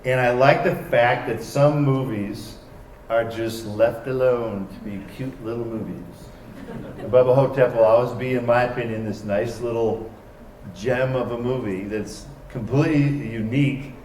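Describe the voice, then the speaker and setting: A man on a convention stage telling wry, animated anecdotes to a live audience, acting out the dialogue in them. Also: medium pitch, moderate pace, slight background noise. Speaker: convention panel guest. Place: large convention arena stage. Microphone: heard from far off by a camera in the hall. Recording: echoey hall recorded from far off.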